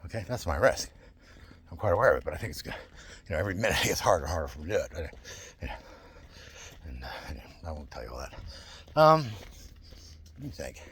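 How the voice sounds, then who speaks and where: A man's voice: low voice, very animated, fast, long pauses, a bit bright, a little hiss or hum. A man talking to camera in a rambling, digressive monologue, repeating himself and laughing often. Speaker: vlogger.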